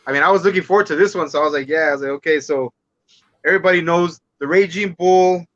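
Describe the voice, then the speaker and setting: A man's voice: on the high side, fast talker, a bit bright, no room sound, lo-fi sound. A man talking casually about movies as a podcast guest, rambling with restarts and some swearing.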